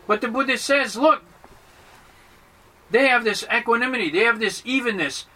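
A man's voice: very high-pitched, moderate pace, pushed and bright, far from the mic, low-quality recording. A man giving a playful dharma talk as a Buddhist teacher, acting out little dialogues to make his points.

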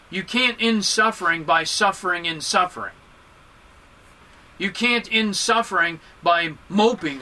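A man giving a Buddhist dharma talk to a group, animated and joking, with emphatic swings in his voice. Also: high-pitched, low-quality recording. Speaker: Buddhist teacher.

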